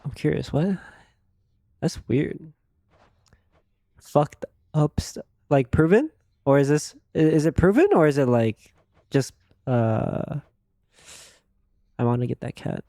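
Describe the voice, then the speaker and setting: Rambling male streamer with a mellow, dry voice. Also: a little high, animated, slow pace, long pauses, no echo. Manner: rambling, crude, laughs easily. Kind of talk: casual live-stream chat.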